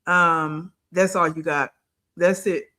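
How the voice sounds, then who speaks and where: A man's voice: fairly high pitch, steady tone, takes it slowly, bright, forceful tone. A man hosting a reaction video, giving blunt, mocking commentary on played clips.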